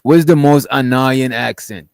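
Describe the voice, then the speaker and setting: A man's voice: medium pitch, normal speed, creaky, darkish tone, clean tone, dry recording, studio quality. A man in a casual podcast chat, laid-back and opinionated, putting questions to the others.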